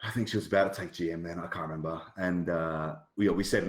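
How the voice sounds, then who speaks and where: A man's voice: deep voice, steady tone, quick pace, hardly any pauses. A man from Australia, telling a rambling story as a podcast guest, full of fillers and asides. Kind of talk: casual storytelling chat. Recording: roomy echo.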